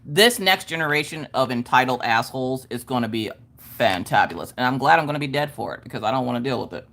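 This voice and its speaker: A middle-aged woman hosting a craft livestream, chatting casually and reading out viewer comments. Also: fast talker. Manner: animated, swinging between squeals and low mutters.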